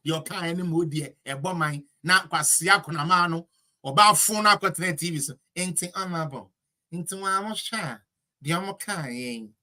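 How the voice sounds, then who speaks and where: A man's voice: on the high side, sharp tone. A man with a Ghanaian accent delivering a heated, mocking political commentary rant.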